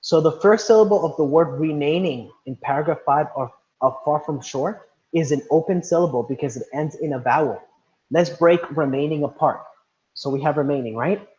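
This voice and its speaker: A man's voice: on the high side, normal speed, a little mellow, highs cut off. A man teaching an online class, patient, often checking understanding with "right?". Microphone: video call.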